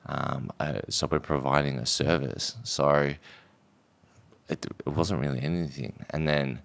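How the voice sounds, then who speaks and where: A man's voice: extremely low pitch, fairly even intonation, unhurried, vocal fry, fairly bright tone. A man from Australia telling his business story in a casual podcast chat, rambling, with slang and swearing. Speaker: guest, drinks brand founder.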